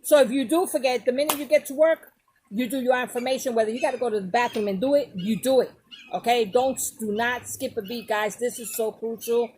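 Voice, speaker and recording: Woman, casual vlog advice, emphatic and direct with viewers, pitch a touch high, light noise floor. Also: fairly quick, a little mellow. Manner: emphatic, talks straight to viewers, repeats points. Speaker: vlogger giving advice. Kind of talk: casual advice talk to camera.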